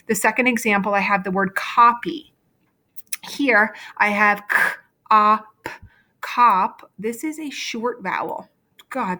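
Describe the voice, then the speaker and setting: A patient woman teacher walks young learners through a phonics lesson on shared slides, speaking into a computer mic at her desk. She explains each step slowly and keeps checking in with "okay?". Her voice sits at an ordinary middle pitch. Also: bright, forceful tone.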